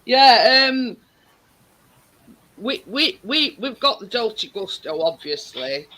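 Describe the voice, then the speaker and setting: Slow, bright-voiced woman. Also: fairly high pitch, big pitch swings, poor audio. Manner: chatty storyteller, laughs often. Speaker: host. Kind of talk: casual livestream chat.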